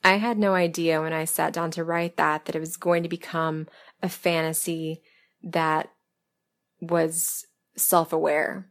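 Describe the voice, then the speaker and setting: Woman from the American South, lowish voice, a little hoarse, candid and chatty, casual Q&A monologue. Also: level tone, measured pace. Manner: chatty and candid, laughing softly, self-deprecating. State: losing her voice. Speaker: audio script writer and performer answering listener questions. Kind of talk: casual interview-style Q&A monologue.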